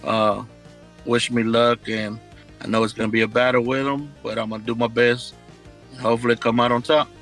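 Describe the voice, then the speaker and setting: Male player interview, very flat monotone, soft music behind. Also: mid-range voice. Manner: halting, modest, flat delivery. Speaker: darts player. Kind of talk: pre-match interview.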